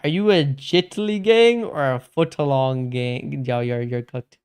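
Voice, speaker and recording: A man's voice: mid-range voice, unhurried, darkish tone, clean tone. A young man streaming games, chatting casually with his chat and reading messages aloud, laid-back and saying "bro" a lot. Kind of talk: casual live-stream chat while gaming.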